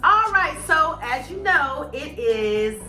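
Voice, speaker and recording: A woman in her forties co-hosting a casual chat show, animated and expressive as she talks about her grown son. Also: takes it slowly, far from the mic, music in the background. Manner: animated, acts out worried-mom questions in a higher voice. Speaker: podcast co-host. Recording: echoey room, off-mic.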